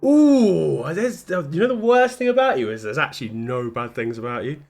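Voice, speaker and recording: A man's voice: medium pitch, lively intonation, a little fast, faint music behind. A man chatting casually, hesitant and joking, with lots of fillers. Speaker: guest. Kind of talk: casual chat.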